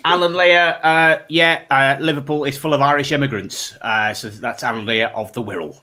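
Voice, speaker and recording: A man's voice: medium pitch, normal speed, sharp tone. A man hosting a comedy panel show, giggly and rambling as he banters with his guests. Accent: English.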